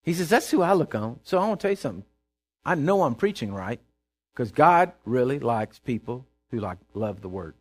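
A male pastor preaching a sermon, swinging from loud declaring to low confiding asides and calling out to the congregation in a folksy way. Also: very animated, fairly quick. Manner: folksy and conversational, calls out to the congregation.

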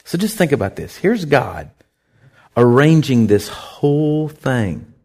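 A male pastor telling a story in a sermon, animated and conversational, acting out other people's lines. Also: medium pitch, slow. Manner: lively anecdotal storytelling, acts out others' lines.

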